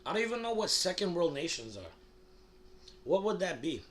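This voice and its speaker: A man's voice: high-pitched, big pitch swings, normal speed, fairly bright tone, slight background noise. A young man from the United States delivering a rambling, crude comedic monologue, full of fillers and restarts. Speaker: comedy vlogger.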